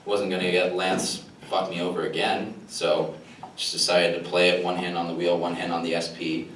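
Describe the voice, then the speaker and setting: A man's voice: low voice, flat delivery, normal speed, a bit bright. A young man performing a self-deprecating stand-up comedy set to a live crowd, often chuckling at his own jokes. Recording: roomy live recording from a distant mic with room noise.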